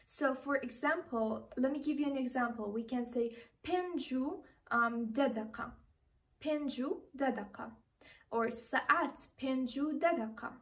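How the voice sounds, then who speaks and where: A young woman from Iraqi Kurdistan teaching an online language lesson, speaking slowly and repeating each word with care. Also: high voice, a bit bright, recorded from a distance, poor audio. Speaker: language tutor.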